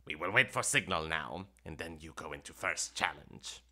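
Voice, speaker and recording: A man's voice: very deep voice, animated, normal speed, pushed and bright, pitched below the performer's own voice, heavily acted. A man voicing a grumpy, scheming male imp guide who talks in clipped, broken English and scorns the heroes. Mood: curt. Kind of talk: tabletop game voice acting.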